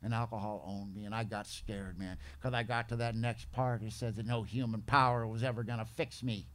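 A man's voice: fairly low pitch, steady tone, brisk. A man giving his personal testimony at a recovery meeting, earnest and folksy in his manner.

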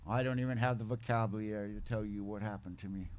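A man's voice: on the low side, fairly even intonation, quick pace, darkish tone. A man giving his personal testimony at a recovery meeting, earnest and folksy in his manner.

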